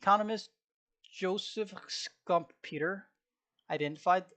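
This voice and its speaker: A young man with a slightly hoarse voice that sits a touch high talks to himself at home while he studies. He murmurs and repeats lines over and over as he commits them to memory, in a loose, offhand study-vlog way. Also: a little slow, fairly bright tone. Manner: mutters and repeats phrases while taking notes. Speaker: student. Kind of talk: casual study vlog, reading aloud and memorizing.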